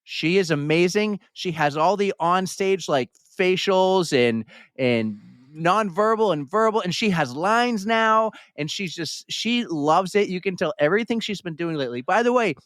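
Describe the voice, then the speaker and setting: Upbeat, chatty, higher-voiced man host. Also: animated, normal speed, fairly bright tone, no room sound, clean studio sound. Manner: upbeat, chatty, swears casually. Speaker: podcast host. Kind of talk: casual chat.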